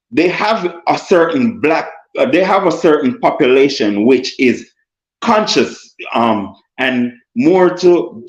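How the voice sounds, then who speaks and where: A Jamaican man arguing insistently in a heated debate, repeating himself and talking over others. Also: on the high side. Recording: roomy, dull lo-fi sound.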